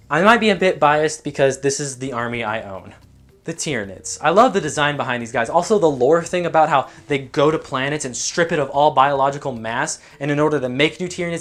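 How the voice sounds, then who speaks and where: A man's voice: fairly high pitch, fairly bright tone. A young man giving comedic, sarcastic commentary while ranking game factions as a YouTuber. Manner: jokey, sarcastic, quick asides.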